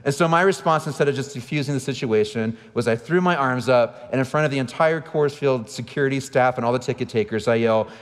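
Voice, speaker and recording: A man in his thirties preaches from the stage, candid and self-deprecating, with a middle-pitched voice. His sermon goes out over a church livestream, and the big room leaves a long reverb trailing after each phrase. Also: a little fast, hardly any pauses. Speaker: pastor. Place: large church auditorium.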